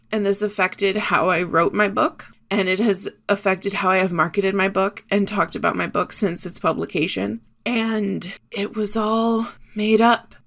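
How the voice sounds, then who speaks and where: A woman's voice: medium pitch, fairly bright tone. Woman podcaster crying through an honest solo episode, emotional and confessional. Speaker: podcast host.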